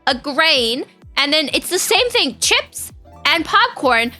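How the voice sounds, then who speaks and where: Young girl streaming, high bright voice, bounces all over, chats w viewers, faint music behind. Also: big pitch swings, takes it slowly. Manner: bubbly, chatty, reads out chat and greets viewers. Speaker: VTuber streamer. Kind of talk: casual live-stream chat with viewers.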